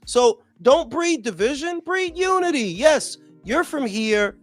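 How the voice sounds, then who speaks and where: Taking his time, a podcast host from New York delivers an animated, foul-mouthed rant on his casual show. His high-pitched voice rises and falls dramatically, with soft music in the background.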